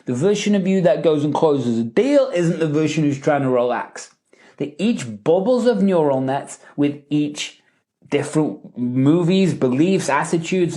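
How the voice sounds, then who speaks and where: A man coaching in a live question-and-answer session, emphatic and animated, often checking in with "right?" and "okay?". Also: on the high side. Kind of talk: live Q&A teaching.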